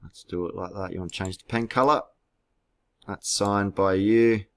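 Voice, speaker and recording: A man's voice: lowish voice, fairly even intonation, normal speed, fairly bright tone. A man teaching a class through a screen-recorded tutorial, patient and spelling words out letter by letter, with keyboard clicks behind him.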